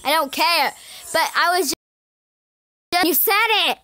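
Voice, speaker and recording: Bright high-voiced woman rambling over a game. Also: a little slow, no echo, studio quality. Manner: chatty, scattered, self-mocking. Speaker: YouTuber. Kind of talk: rambling mobile game commentary.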